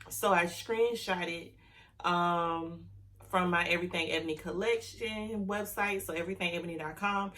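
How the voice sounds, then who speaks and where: A woman running an online business, talking to camera casually, heartfelt and grateful, emotional and close to tears, speaking warmly to her viewers. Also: fairly low pitch, steady tone, moderate pace. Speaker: online business owner and YouTuber.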